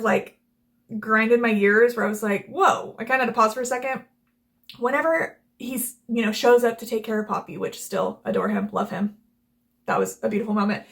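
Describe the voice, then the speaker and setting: Gushing young woman with a bright voice. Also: fairly high pitch. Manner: gushing, rambling with many "like" fillers, acts out characters' lines. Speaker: book reviewer and channel host. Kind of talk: casual chat.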